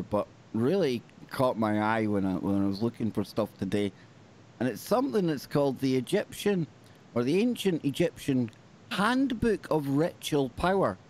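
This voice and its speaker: A man's voice: mid-range voice, a little mellow. A man hosting a talk show, chatting casually and reading an article aloud, with small slips and self-corrections. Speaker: show host.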